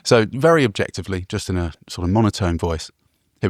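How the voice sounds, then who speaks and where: A man co-hosting a podcast, talking in a wry, measured way. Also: low voice, lively intonation, dry recording, studio quality. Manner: wry, measured, mock-philosophical. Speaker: podcast co-host. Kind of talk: casual chat.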